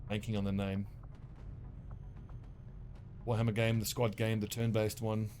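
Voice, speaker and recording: Streaming a game, a man with a South African accent rambles, swears casually, and mocks himself in easygoing commentary. His voice is on the low side, level, unhurried and a little mellow, with faint music behind him.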